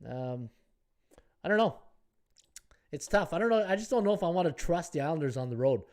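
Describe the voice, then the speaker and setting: A man's voice: fairly high pitch, animated, fairly quick, a little mellow. Chatty man talking through betting odds. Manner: chatty, thinks aloud, reads viewer comments. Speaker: sports betting podcast host. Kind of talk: casual live-stream analysis.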